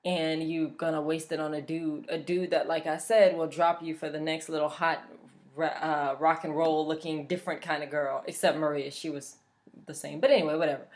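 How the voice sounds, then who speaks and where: A woman's voice: sits low, level tone, normal speed. A young woman from Louisiana, chatting casually and bluntly, swearing freely as a vlogger. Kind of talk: casual chat.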